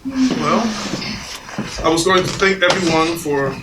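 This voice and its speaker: An actor playing an earnest, nervous father of the groom, telling a story with animated impressions on a small theater stage. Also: high-pitched, takes it slowly. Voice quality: animated storyteller, puts on a pompous French waiter voice. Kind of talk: stage play acting. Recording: echoey theater stage from far off, audience noise.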